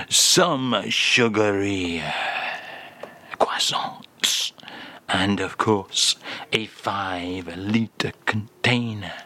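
A man putting on a slow suave Frenchman with a thick French accent. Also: lowish voice, pushed and bright. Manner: halting, drawn-out, fumbling phrases. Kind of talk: radio comedy skit.

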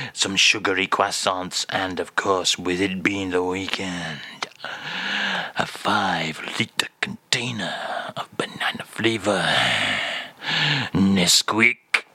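Man hamming up a low, slow, pompous Frenchman, thick mock-French accent, bright tone, breathy asides. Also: no room sound, full character voice. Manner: slow, drawling, hushed and breathy at times. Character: pompous middle-aged Frenchman with a heavy put-on accent.

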